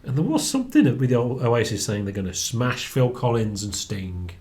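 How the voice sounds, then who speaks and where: This is a man in casual conversation about a book. He laughs easily and restarts his sentences with repeated words. His voice sits at a middle pitch. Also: wildly swooping pitch, normal speed, darkish tone. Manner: chatty, laughs often, repeats words while thinking. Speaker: book review co-host. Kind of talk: casual chat.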